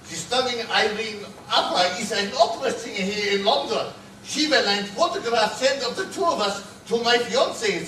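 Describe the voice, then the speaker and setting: A high, lively voice belongs to a grand, self-important king with a thick German accent, acted by a man. He is heard from a distance in a very echoey room with steady noise behind him. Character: pompous European king in disguise, male, middle-aged.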